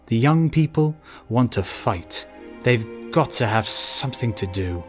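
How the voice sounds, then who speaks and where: A man voicing a bitter, drunken male hitchhiker who talks slowly and slurs his words. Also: mid-range voice, lively intonation, faint music behind, natural voice. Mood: drunken grumbling. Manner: slurred, slow, swallowing syllables.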